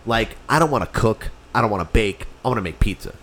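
A man's voice: lowish voice, lively intonation, quick pace, a bit bright. Profane storytelling man. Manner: profane storytelling, mimics others' voices. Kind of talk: casual chat.

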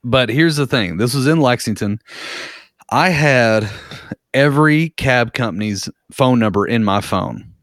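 Man, casual storytelling, rambling, profane, lots of fillers, mid-pitched, dry close sound. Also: animated, a little slow, a bit bright, dry recording.

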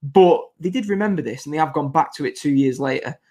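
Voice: medium pitch, fast, darkish tone. A podcast host, giving casual, opinionated commentary that rambles and restarts mid-sentence in an exasperated way.

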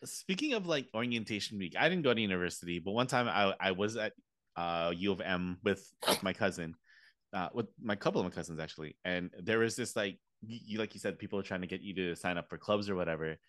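A man's voice: low-pitched, quick pace. A man co-hosting a podcast, telling stories in casual chat and laughing often. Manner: laughs often, animated storytelling. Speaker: podcast co-host.

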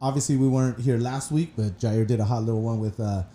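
Man, podcast co-host, casual profane storytelling, warm tone. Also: mid-range voice, fairly even intonation, fast, echoey room. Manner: loose storytelling, swearing, laughs a lot.

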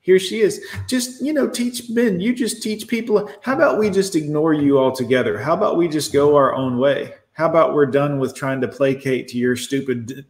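Sarcastic ranting streamer in an echoey room. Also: male voice, a little high, moderate pace, few pauses. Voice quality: sarcastic, profane, mocking. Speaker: livestream host reacting to posts. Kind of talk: ranting live commentary.

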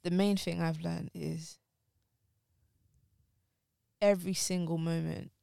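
A woman's voice: lowish voice, steady tone, slow, gravelly, mellow, smooth, dry recording. A woman co-hosting a casual podcast chat, speaking openly and emotionally while grieving, her voice close to tears. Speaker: podcast co-host.

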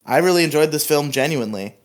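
A man's voice: on the high side, animated, fast. A young man hosting a casual movie review podcast, chatty and teasing, often laughing. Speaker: podcast host.

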